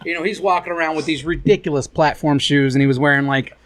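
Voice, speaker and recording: A man's voice: fairly high pitch, fast. A middle-aged man hosting a podcast, telling profane stories in casual banter and mocking the people in them. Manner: animated, profane storytelling with mocking quoted voices. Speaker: podcast host.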